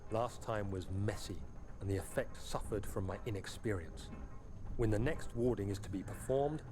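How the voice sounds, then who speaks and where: An actor playing a cold, formal male nobleman sorcerer in a video game, speaking with a measured, formal delivery. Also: fairly low pitch, lightly acted. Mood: grave.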